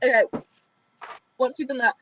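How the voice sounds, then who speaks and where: A woman player in a tabletop game, excitable and firing off quick questions. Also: high voice, lo-fi sound. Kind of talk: casual tabletop play chat.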